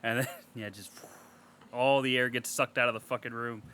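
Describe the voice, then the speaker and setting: Man, podcast co-host, bright tense voice, casual swearing. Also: mid-range voice, steady tone, moderate pace, a little hiss or hum. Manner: swears casually, laughs between remarks. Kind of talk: casual movie recap chat.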